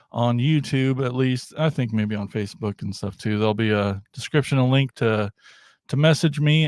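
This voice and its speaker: A man's voice: mid-range voice, darkish tone, dry recording, clean studio sound. A middle-aged man hosting a casual toy unboxing livestream, rambling and joking at his own expense. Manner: rambling, self-deprecating, jokey. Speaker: toy podcast host.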